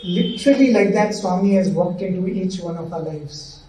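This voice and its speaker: A man's voice: high-pitched, normal speed. A man telling a devotional story to a gathering, acting out the characters' lines as he goes. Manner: animated storyteller acting out quoted dialogue. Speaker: devotional speaker. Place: community hall. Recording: roomy hall, mic at a distance.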